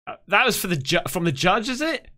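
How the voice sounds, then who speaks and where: A man's voice: sits high, big pitch swings, a little fast, pushed and bright. A man hosting a reaction video, talking casually and emotionally and swearing often.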